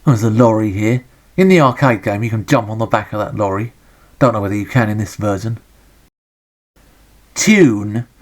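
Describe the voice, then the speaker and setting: A man's voice: lowish voice, moderate pace, long pauses. Sarcastic English man grumbling over a game. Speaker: retro game reviewer. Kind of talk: comedic game commentary.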